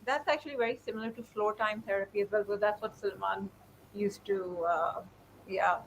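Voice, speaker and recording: A woman's voice: mid-range voice, fairly even intonation, brisk, low-quality recording. Woman, video call, earnest and reflective, faint background hiss. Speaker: parent sharing experience. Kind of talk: conversational sharing.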